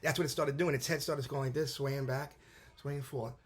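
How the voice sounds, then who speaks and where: A man casually telling a personal testimony to camera, animated and full of restarts and fillers. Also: mid-range voice, moderate pace, slightly rough. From New York, USA.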